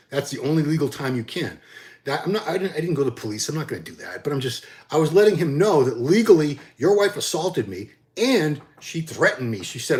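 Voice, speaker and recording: A middle-aged man hosting a bodybuilding channel, telling viewers a story in a blunt, animated, casual way and acting out the quotes. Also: medium pitch.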